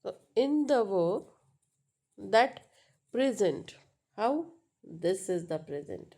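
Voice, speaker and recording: A woman teaches English pronunciation in a slow, classroom manner, patiently restating points and often saying "right?" and "uh." She has a mid-range, slightly mellow voice with big pitch swings and an easy pace.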